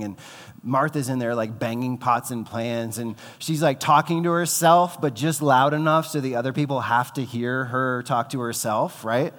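Male pastor, chatty sermon delivery, mid-pitched voice, long reverb of a church sanctuary. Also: moderate pace, a bit bright. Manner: conversational, filler-heavy, acts out quoted voices.

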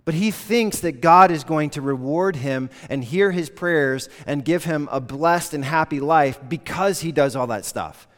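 A man preaching a sermon in an earnest, conversational way, slipping into animated quoted voices. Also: a little high, unhurried, hardly any pauses, soft background music. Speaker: pastor. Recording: long reverb of a large hall.

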